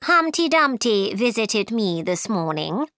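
A woman's voice: a little high, big pitch swings, measured pace, a bit bright, no echo, studio quality. A woman voicing a bossy, boastful queen in a storybook, with a firm, know-it-all manner.

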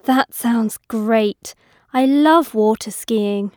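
A friendly young woman, voiced by an actress in a recorded listening test. Her voice is fairly high and she speaks very slowly and carefully. The sound is dry and close. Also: darkish tone, no echo. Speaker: dialogue actor in a listening exam. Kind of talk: scripted dialogue reading.

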